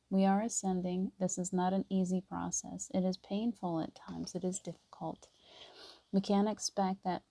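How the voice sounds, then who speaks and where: A middle-aged woman speaks softly and earnestly to her live-stream viewers, greeting them by name as she goes. Her voice sits low and mellow with a flat, steady melody. The recording is dry and close. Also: dry recording. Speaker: spiritual live-stream host. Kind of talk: casual spiritual live-stream talk.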